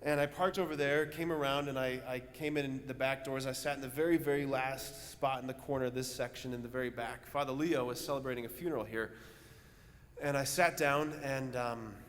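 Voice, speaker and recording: Chatty priest in a reverberant church. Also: male voice, medium pitch, fairly even intonation, a little fast. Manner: conversational storytelling with many fillers. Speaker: parish priest. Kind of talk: homily. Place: large church. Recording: church reverb with faint ambience.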